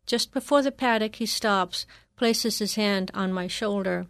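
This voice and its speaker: A woman reads a first-person memoir in a measured, reflective voice. Her pitch sits in the middle of the female range, and the recording is dry and close with no room echo. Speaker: narrator.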